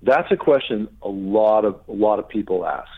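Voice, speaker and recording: Over a tinny phone line, a middle-aged pastor and author, appearing as a guest, shares healing stories in a conversational interview at a normal speed. He's an animated storyteller, acting out the people he quotes with sudden high jumps in pitch.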